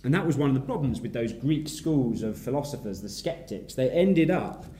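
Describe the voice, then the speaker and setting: A man giving a sermon, thinking aloud and turning questions back on his listeners. His voice is mellow and mid-pitched, never sharp. The room around him is echoey. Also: expressive, normal speed, a little hiss or hum. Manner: conversational, wondering aloud, asks the room questions. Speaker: preacher.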